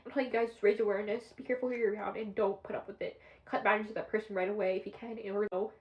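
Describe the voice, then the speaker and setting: A young woman vlogger talks very fast to her phone camera at home while doing her makeup, her mid-range, husky voice steady in tone and lo-fi in sound. In an emotional get-ready-with-me confessional, she rambles in a scattered way as she pours out something personal.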